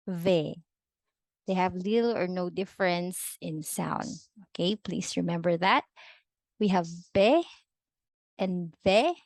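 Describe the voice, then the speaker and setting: A woman teaching a recorded language lesson, modeling words slowly and repeating them for learners to echo. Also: mid-range voice. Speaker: Spanish teacher.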